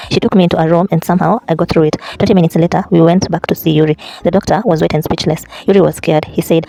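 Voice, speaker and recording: A quick, gravelly voice runs through a casual vlog and then a book reading, stumbling and restarting phrases. The tone sits dark and mellow, and quoted lines come out in the same plain delivery. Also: medium pitch, fairly even intonation, low-quality recording. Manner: halting, with restarts and self-corrections. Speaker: vlogger reading a book aloud. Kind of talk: casual vlog and unpolished read-aloud.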